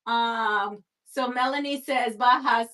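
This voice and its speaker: A woman from Brooklyn co-hosts a relaxed live stream. Her voice sits a little high. She chats easily, reads comments aloud and laughs often. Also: slow. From Brooklyn, New York. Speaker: live stream co-host reading viewer chat. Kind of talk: casual live-stream chat.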